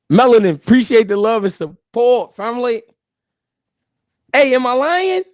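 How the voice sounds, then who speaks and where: A man's voice: extremely high pitch, no echo, clean studio sound. A man hosting a live boxing stream, joking and laughing through profane banter.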